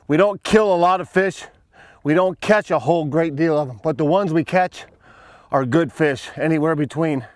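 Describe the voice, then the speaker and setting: A man, a fishing guide hosting his show, giving excited folksy commentary from a boat outdoors while talking to viewers. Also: a little high, no room sound. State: breathing hard.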